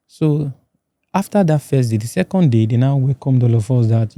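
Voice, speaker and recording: A man from Nigeria with a Nigerian accent, telling his own story as a podcast guest in a halting way, often repeating words. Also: medium pitch, mellow, no echo. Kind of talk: personal testimony in a podcast interview. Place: podcast studio.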